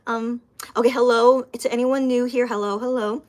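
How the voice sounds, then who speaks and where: A woman's voice: on the high side, steady tone, moderate pace. Chatty young woman live-streaming. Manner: chatty, repeats words, laughs often, reads viewer comments aloud. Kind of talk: casual live-stream chat.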